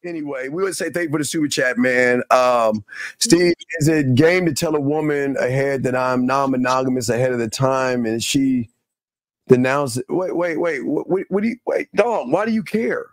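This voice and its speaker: A man hosting a casual talk show, animated and preachy, often repeating himself. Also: medium pitch, moderate pace, no echo, studio quality. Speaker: podcast host.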